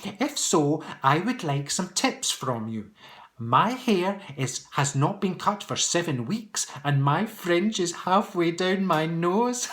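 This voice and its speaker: A man's voice: sits high, animated, a little slow, fairly bright tone. A middle-aged man answering viewer questions in a casual vlog, chatty and playful, laughing often and teasing his viewers.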